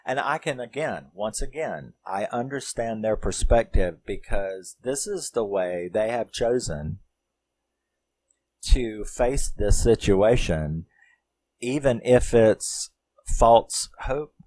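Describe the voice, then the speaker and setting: A man's voice: lowish voice, animated, takes it slowly, a little mellow. A man reviewing a film in a casual, rambling way, often laughing and using lots of fillers.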